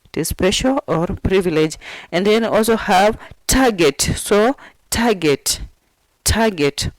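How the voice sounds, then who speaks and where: A woman gives a patient sign language lesson, saying each term again and again in a slow, deliberate way. Her voice sits at an ordinary middle pitch. The sound is dry and close, with no room echo. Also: animated. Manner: repeats each word several times, patient and deliberate. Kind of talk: slow instructional explanation.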